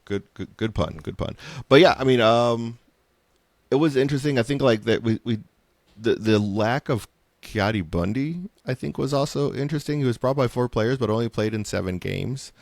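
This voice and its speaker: Male co-host, gravelly and lowish, relaxed halting delivery, dry close mic. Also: dry recording. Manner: laid-back, halting, many restarts. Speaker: podcast co-host. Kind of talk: casual chat.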